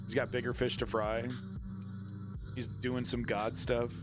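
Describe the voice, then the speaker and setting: A man's voice: mid-range voice, level tone, a little slow, music in the background. A man commenting on news during a livestream, talking in a crude, irreverent and mocking way.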